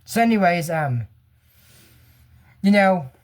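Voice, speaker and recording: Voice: medium pitch, expressive, slow pace. Casual YouTube reviewer from the US, chatty and rambling, wanders off-topic, frequent chuckles, unscripted. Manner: rambling, goes off on tangents, chuckles often. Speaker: YouTuber reviewing a cartoon episode. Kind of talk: casual commentary.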